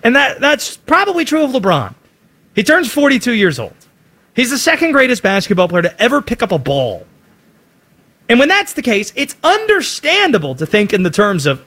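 A man's voice: extremely high pitch, huge pitch swings, moderate pace, bright, forceful tone. A man giving emphatic, opinionated sports commentary.

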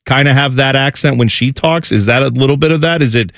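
A man's voice: medium pitch, fast talker, gravelly, no room sound, clean studio sound. A man from New Jersey hosting a casual talk show, telling stories and mimicking his relatives as he goes. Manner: animated storyteller, mimics relatives' accents. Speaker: podcast host. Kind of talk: casual chat.

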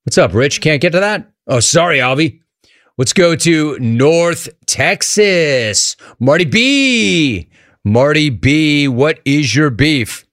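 Guy hosting a call-in radio show, sarcastic and jokey, pitch all over the place, dry close sound. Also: dry recording. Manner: animated, sarcastic, fast riffing banter.

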